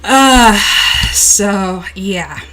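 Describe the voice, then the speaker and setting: A woman's voice: mid-range voice, lively intonation, drawn-out words, noisy background. A young woman hosting a casual live stream, chatting, laughing often and reading out viewer comments. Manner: chatty, laughs often, reads chat aloud.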